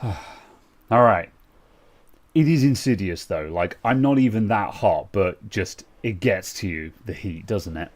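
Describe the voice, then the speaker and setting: A man's voice: lowish voice, unhurried. A young British man co-hosting a casual tech chat, rambling with lots of fillers and restarts. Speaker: co-host.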